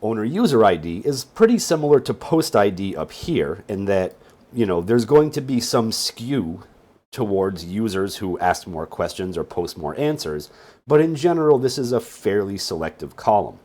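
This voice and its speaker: A deep, slightly husky man talks through a casual tutorial, sounding sleepy. His delivery wanders up and down a lot, with wry little jokes tossed in between explanations. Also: very animated, moderate pace, darkish tone. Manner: rambling, with wry joking asides. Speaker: database instructor. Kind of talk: casual screen-share tutorial.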